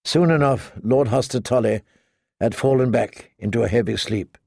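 A man narrating a fantasy audiobook in a measured, even storytelling manner. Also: mid-range voice, creaky, slightly rough, no echo, clean studio sound.

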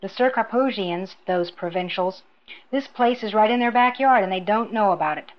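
A woman's voice: medium pitch, moderate pace, lightly acted. Sly old storybook crone, smug and mocking, knowing, woman reading her, dull lo-fi sound. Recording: dull lo-fi recording.

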